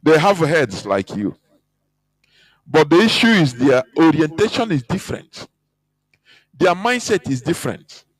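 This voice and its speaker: A man's voice: fairly high pitch, sing-song, a little slow, pauses often, husky, no echo, rough recording. A man giving an impassioned, scornful radio talk, emphatic and mocking. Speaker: radio broadcaster.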